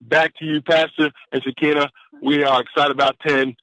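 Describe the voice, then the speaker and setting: A man on a conference call giving an energetic, exclamatory motivational talk that keeps repeating its key phrase. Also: a little high, moderate pace, dry recording. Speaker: caller. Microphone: phone. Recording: dull dry phone line.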